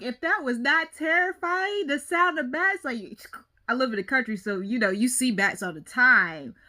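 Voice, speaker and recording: A woman's voice: on the high side, expressive, measured pace, bright, forceful tone. A woman hosting a reaction video, talking expressively and casually to the viewer.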